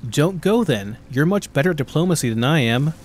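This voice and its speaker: A man's voice: a little high, animated, fairly quick, a little hiss or hum, lightly acted. A man voicing an aging, weary emperor who mutters and growls his complaints while reading a game book aloud. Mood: grumbling. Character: weary aging male emperor, grumbling and petulant.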